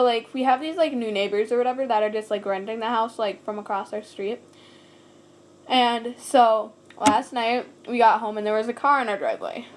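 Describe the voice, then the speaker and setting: The vlogger is a teenage girl at home, her mid-range voice rambling casually toward a shelf-mounted camera with plenty of "like" and giggly side comments. A bit of hiss or hum runs through the rough recording.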